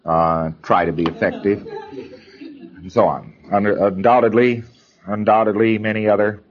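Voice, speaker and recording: A man's voice: on the low side, level tone, moderate pace, lo-fi sound. A man lecturing trainees in an emphatic way, repeating his points and mimicking hesitant people as he talks.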